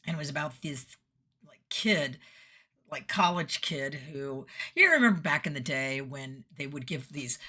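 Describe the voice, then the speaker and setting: Chatty middle-aged woman vlogger, bright forward tone, storyteller who laughs a lot. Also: sits low, animated, unhurried, breathy edge. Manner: chatty, laughs often, acts out quotes. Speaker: vlogger giving weekly messages. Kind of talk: casual storytelling monologue.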